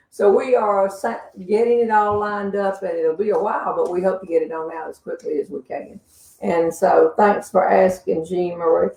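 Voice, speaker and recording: A woman's voice: mid-range voice, creaky, a little mellow. Older woman, Southern accent, humorist host, folksy chuckling storyteller, roomy sound, mic at a distance. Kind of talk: casual storytelling and Q&A.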